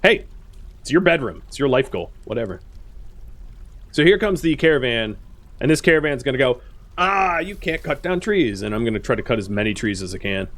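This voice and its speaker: A man in the middle of casual gameplay commentary, his voice swinging widely in pitch as he chats to the little characters on his screen. He jumps from surprised outbursts to low muttered asides, all at an easy middle pitch. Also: lively intonation, a little fast, pauses often, a bit bright. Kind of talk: casual let's-play commentary.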